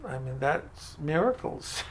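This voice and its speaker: A man's voice: fairly high pitch, animated, slow pace, slight background noise. An older man telling his story in an oral history interview, acting out the voices in his dialogues. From Franco-American, from Maine. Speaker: food pantry director.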